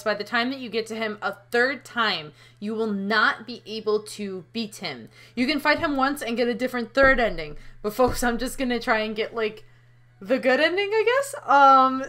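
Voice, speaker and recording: A woman's voice: a little high, sharp tone. Woman doing a let's play, chatty casual commentary, swears a lot.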